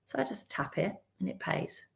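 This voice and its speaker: A middle-aged woman, telling a story in a live business talk and acting out the people in it. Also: normal speed. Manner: animated storytelling with quoted voices. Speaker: business coach.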